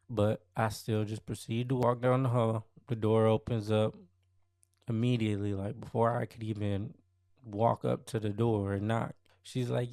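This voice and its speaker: A man's voice: on the low side, level tone, moderate pace, darkish tone, no room sound, studio quality. A young man hosting a podcast, telling a personal story in a slangy, conversational way that often repeats itself. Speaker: podcast host. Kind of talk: casual first-person storytelling.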